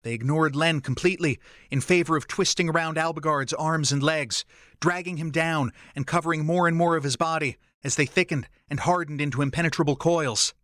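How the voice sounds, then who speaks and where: A man narrating an audiobook in a steady, even storytelling voice. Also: a little high, fairly quick, no room sound, studio quality. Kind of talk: scripted narration.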